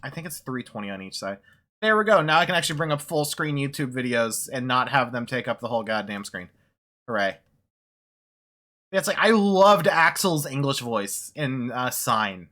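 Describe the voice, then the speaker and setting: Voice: mid-range voice, lively intonation, moderate pace, pushed and bright. A streamer chatting casually during a video game stream, rambling and swearing, often laughing. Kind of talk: casual gaming stream chat.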